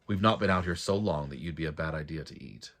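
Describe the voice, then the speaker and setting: A man voicing a quiet, firm grown man who guards a boy, in a read-aloud fantasy story. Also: extremely low pitch, quick pace, heavily acted. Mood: tense.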